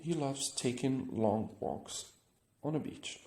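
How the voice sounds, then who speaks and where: A man's voice: medium pitch, slow pace, warm tone, reverberant. A man teaching an English grammar lesson, explaining step by step and often checking with "right?".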